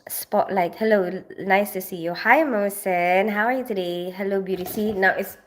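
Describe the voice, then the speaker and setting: A Filipina in her forties hosts a livestream from home, chatting casually with viewers in loose, unscripted talk that rambles along with lots of fillers. Allergies leave her nose stuffy. Her voice is medium in pitch and her pace moderate.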